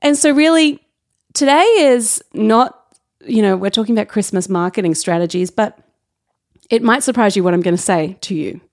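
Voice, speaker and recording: Chatty woman hosting a business podcast. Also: medium pitch. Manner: chatty and candid, with quick asides and self-corrections. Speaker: podcast host. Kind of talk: casual solo podcast talk.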